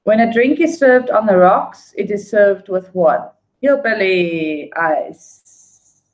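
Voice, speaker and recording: A woman hosting a casual trivia night, reading each question slowly and twice, with laughing apologies and humming between questions. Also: medium pitch, low-quality recording. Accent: non-local accent. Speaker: trivia quiz host.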